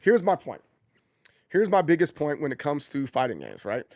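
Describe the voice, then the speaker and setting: A man's voice: fairly high pitch, normal speed, no room sound, studio quality. A man hosting a casual livestream, talking in a loose, rambling way that circles back and repeats points. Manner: animated, rambling, repeats himself. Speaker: streamer host.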